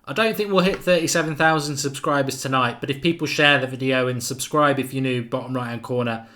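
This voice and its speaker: A man's voice: mid-range voice, brisk, pushed and bright. A man hosting a live football watchalong, chatting casually and reading out viewer comments. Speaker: watchalong host.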